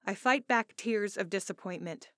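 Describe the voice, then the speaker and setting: A woman's voice: mid-range voice, normal speed, a bit bright, dry recording. A woman with a mid-range voice reads a first-person romance audiobook. She tells it with emotion and expression. The studio sound is close and dry. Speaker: audiobook narrator.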